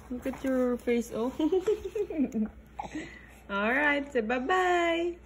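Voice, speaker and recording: A woman's voice: high-pitched, lively intonation, extremely slow, slight background noise. A young mother talking to her baby at home over lunch, in sing-song baby talk with frequent laughter. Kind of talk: baby talk while feeding.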